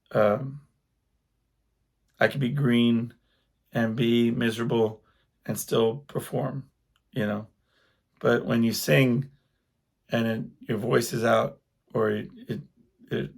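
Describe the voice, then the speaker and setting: A man's voice: mid-range voice, gravelly. A man hosting his own podcast, a working singer and guitarist, telling stories in a rambling, chatty monologue. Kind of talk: casual solo podcast monologue.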